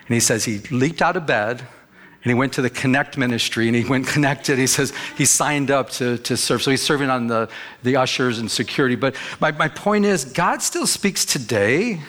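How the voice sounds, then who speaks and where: A man's voice: medium pitch, normal speed, fairly bright tone. A man preaching a sermon as pastor, emphatic, repeating phrases and acting out the people he quotes.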